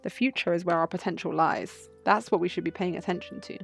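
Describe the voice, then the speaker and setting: Woman reading as a courteous male fox gentleman. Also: on the low side, steady tone, brisk, creaky, soft background music. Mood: polite. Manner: courteous, polished formal speech.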